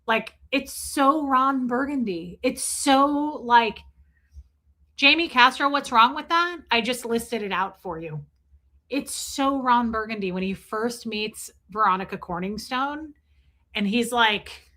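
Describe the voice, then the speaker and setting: A woman's voice: a little high, slow, pushed and bright. A woman hosting a live stream, chatting casually and bluntly, with sarcastic asides and greetings to her chat. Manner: blunt, sarcastic, reads chat names aloud.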